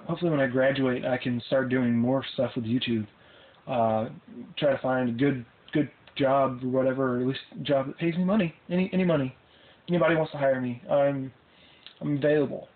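Goofy teenage boy rambling, tinny sound. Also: medium pitch. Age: teens. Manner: goofy, self-mocking and scattered. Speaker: vlogger. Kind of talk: rambling casual vlog. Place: parked car at night.

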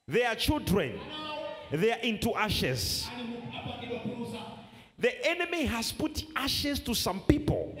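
A man preaching a sermon in a church, shouting and repeating phrases with drawn-out emphasis. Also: extremely high pitch, big-room sound.

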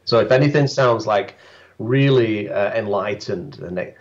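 A man's voice: lowish voice, a little slow, lo-fi sound. A man, a guest landscape photographer, bantering with dry, self-mocking humor on a live stream.

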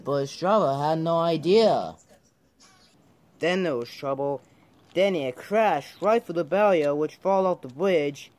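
A man narrating a homemade train story in a slow, halting way with many restarts. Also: on the high side.

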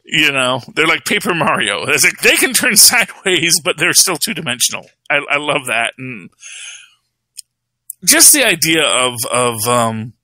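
A man's voice: a little high, lively intonation, measured pace, sharp tone, dry recording, rough recording. A man co-hosting a podcast, reviewing films in a rambling, laughing casual chat. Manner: rambling, frequent restarts, laughs often. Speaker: podcast co-host.

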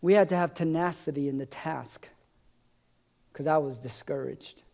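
A middle-aged man from America, a pastor preaching a sermon from the stage, telling stories and letting his voice fall low and soft at the ends of lines. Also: moderate pace, vocal fry. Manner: storytelling, dropping low and soft at line ends. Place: church. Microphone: live-streamed stage mic.

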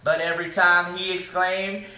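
A man reading a picture book aloud to children, expressive and chatting with them between pages. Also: high voice, moderate pace. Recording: echoey room.

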